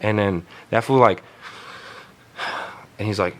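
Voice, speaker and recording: A man's voice: on the low side, takes it slowly, rough recording. A young man telling a story in casual chat, profane and rambling, full of fillers. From Texas. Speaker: guest tattoo artist.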